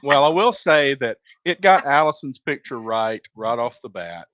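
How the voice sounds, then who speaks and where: A man's voice: mid-range voice, expressive, moderate pace, fairly bright tone, dry recording. A man hosting a podcast in casual chat, easygoing and steering the topics. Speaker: podcast host.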